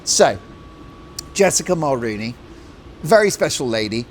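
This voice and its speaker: A middle-aged man hosting an opinionated talk show monologue, mocking and animated, breaking into jokey put-on voices. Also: on the high side, normal speed, slight background noise. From Britain.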